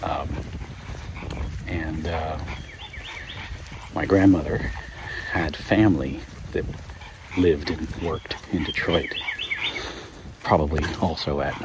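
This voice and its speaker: A man's voice: rumbling low, fairly even intonation, slow pace, long pauses. A man hosting his own podcast, chatting in a casual rambling way with lots of fillers and laughs, a little out of breath as he walks his dog outdoors. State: out of breath while walking. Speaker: podcast host. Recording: outdoor field recording with noise. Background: dog and outdoor ambience.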